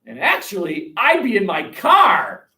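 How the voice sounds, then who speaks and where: A man teaching a history class, lively and questioning, recorded from across a classroom. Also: high-pitched. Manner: animated, asks the class questions, jokes. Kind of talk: classroom lecture. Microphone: webcam across the room. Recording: distant webcam sound.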